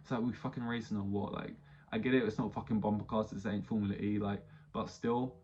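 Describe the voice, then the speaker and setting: Swearing, exasperated man with a low voice. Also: little pitch movement, a little fast, a little mellow, muffled recording, slight background noise. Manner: rambling, heavy swearing, exasperated. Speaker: podcast host. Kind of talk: casual solo podcast rant.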